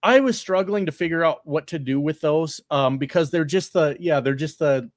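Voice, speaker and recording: A man's voice: on the high side, moderate pace, no room sound, studio quality. A man hosting a casual livestream from a home room with sound panels, reading viewer comments aloud in a loose, profane, chatty way with plenty of fillers. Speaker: livestreamer and political candidate. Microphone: upgraded desk microphone.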